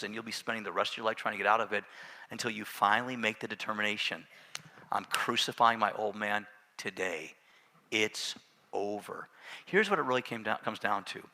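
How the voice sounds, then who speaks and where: Middle-aged man preaching in a church hall with long reverb; high, cutting voice, swings between loud emphasis and quiet asides. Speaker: pastor. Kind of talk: sermon. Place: church sanctuary.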